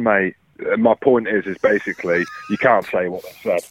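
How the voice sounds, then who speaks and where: A man rambling excitedly and swearing freely as a podcast co-host calling in, in casual banter. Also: fairly low pitch, normal speed, no room sound. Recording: muffled phone line.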